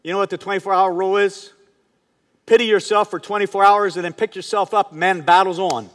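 High-voiced man preaching in a reverberant hall. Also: steady tone, a little fast, a bit bright. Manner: storytelling, conversational, asks the congregation questions. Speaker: pastor. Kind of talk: sermon.

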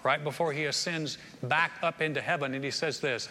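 A man's voice: mid-range voice, fairly quick, hardly any pauses, bright, forceful tone, a little hiss or hum. A man preaching a sermon to a congregation, telling stories with folksy humor and often repeating words as he goes. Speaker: pastor. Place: church sanctuary with live audience. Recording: reverberant hall with faint ambience.

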